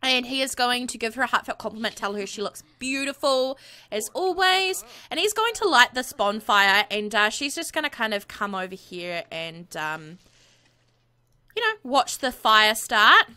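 A high, lively woman doing let's-play commentary into a USB condenser mic. She gushes and squeals in a bright, sharp tone, her pitch leaping all over the place. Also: normal speed. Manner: bubbly, gushing, squeals with excitement. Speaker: gaming video creator. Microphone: USB condenser microphone.

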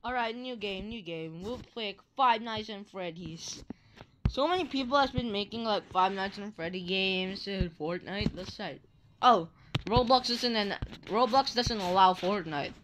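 Young woman, game commentary host; bright, unhurried, playful and teasing. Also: mid-range voice, slight background noise. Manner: playful, teasing, laughing often. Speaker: gaming channel host. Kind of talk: Roblox gameplay commentary.

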